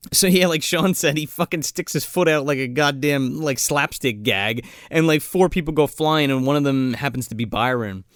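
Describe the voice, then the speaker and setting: A man's voice: fairly high pitch, moderate pace, few pauses, no room sound, studio quality. A man co-hosting a casual movie review chat, swearing freely and acting out scenes. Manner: profane, animated, acts out scenes in loud voices. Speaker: podcast co-host.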